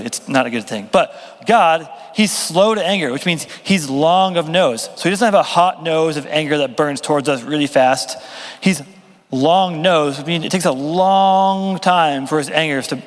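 Man, young pastor, chatty sermon, self-deprecating jokes, slightly high voice. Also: normal speed. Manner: conversational, self-deprecating humor, lively. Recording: long reverb of a hall.

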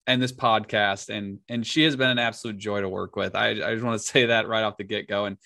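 A man's voice: fairly low pitch, steady tone, brisk, creaky, bright, forceful tone, no room sound, clean studio sound. A man co-hosting a podcast, telling casual stories and often laughing as he talks. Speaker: podcast co-host. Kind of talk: casual chat.

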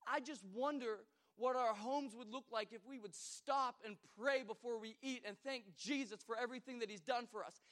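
A man in his thirties preaching a sermon, with many repeated starts, swinging between loud exhortation and quiet storytelling. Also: very high-pitched, normal speed, hardly any pauses. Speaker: pastor.

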